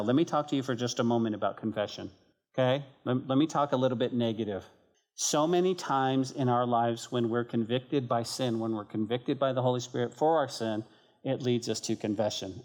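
Male pastor mid-sermon, lively, voices prayers, sometimes hushed. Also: mid-range voice. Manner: animated, acts out quoted prayers, drops to a near whisper.

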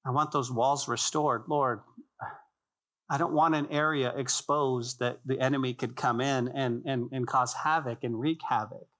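A man's voice: medium pitch, steady tone, unhurried, a bit bright. A male pastor preaching a sermon in a church, emphatic and repetitive, with rhetorical questions and joking asides to the congregation. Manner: conversational asides and jokes to the congregation.

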